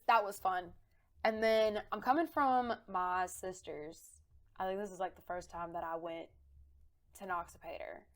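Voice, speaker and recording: A woman co-hosting a podcast, telling rambling, animated anecdotes in casual chat. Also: mid-range voice. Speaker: podcast co-host.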